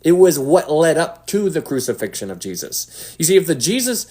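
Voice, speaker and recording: A man giving casual Bible teaching to an online audience. He talks in an animated way and drops to a hushed voice for emphasis. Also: a little high, fairly quick. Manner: animated, acts out quotes, drops to a hush for emphasis.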